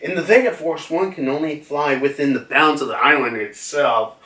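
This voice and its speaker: A man voicing a stern, cautious scientist clone in a quick, lecturing read. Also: a little high, sharp tone. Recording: roomy, slightly distant mic.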